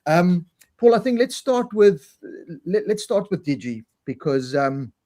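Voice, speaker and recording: A man's voice: high voice, sing-song, a little slow, dark tone, dry recording, clean studio sound. A man hosting a casual live-streamed talk show. He chats freely, often repeats words, and reads out viewer comments. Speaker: podcast host.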